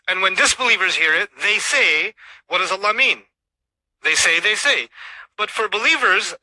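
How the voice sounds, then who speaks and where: A man delivers an animated religious lecture in a high, sharp voice. He throws rhetorical questions at his listeners and races through Arabic verses. The sound is dry and close. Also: no echo, low-quality recording. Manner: recites Arabic verses rapidly. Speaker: Islamic speaker.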